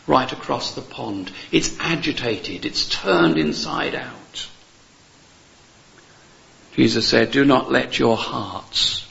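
Gravelly-voiced preacher, earnest and emphatic. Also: male voice, mid-range voice, a bit bright, muffled recording. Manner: earnest, emphatic repetition with rhetorical questions. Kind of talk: sermon.

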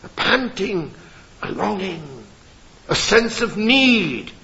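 A man preaching from a church pulpit, impassioned and emphatic, swinging between loud declarations and hushed appeals. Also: sits high, animated, takes it slowly, muffled recording. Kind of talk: sermon.

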